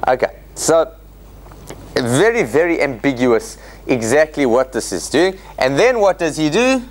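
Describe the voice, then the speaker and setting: A man's voice: medium pitch, very animated, a little slow. A man teaching as a rabbi in an interactive class, questioning his listeners and acting out the quotes he reads.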